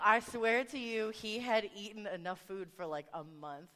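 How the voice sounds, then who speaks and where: A woman preaching a sermon, telling a family story with animated voices for the people in it. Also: fairly high pitch, moderate pace, hardly any pauses, a little hiss or hum. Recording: long reverb of a large hall.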